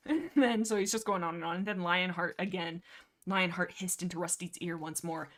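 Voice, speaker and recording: A woman hosting a livestream from a room at home, chatting casually about books in a rambling, excitable way with frequent laughs. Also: fairly low pitch, moderate pace. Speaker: livestream host. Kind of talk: casual book chat. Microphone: desk mic.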